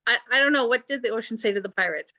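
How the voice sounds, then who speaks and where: A woman's voice: a little high, rapid-fire. A woman hosting a church service, telling pirate jokes and giving playful announcements. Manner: playful, joking, with pirate banter. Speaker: worship service host. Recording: dull lo-fi recording.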